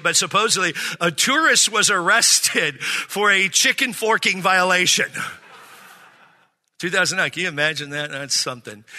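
Male pastor, sermon delivery, light and humorous, high pitch, reverberant sanctuary sound. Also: pushed and bright. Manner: joking, calls for amens from the congregation. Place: church sanctuary. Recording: hall reverb.

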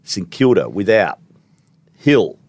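A man's voice: on the low side, sing-song, takes it slowly, darkish tone, dry recording. An Australian man co-hosting a sports podcast as a journalist, wry and knowledgeable, rattling off stats and odds in casual banter.

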